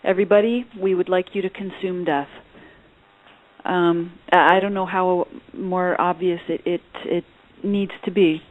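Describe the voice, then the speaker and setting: Female co-host, sarcastic, halting delivery, tinny phone audio. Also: lowish voice, fairly even intonation. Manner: sarcastic, halting with repeated restarts. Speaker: radio show co-host. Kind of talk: opinionated call-in talk.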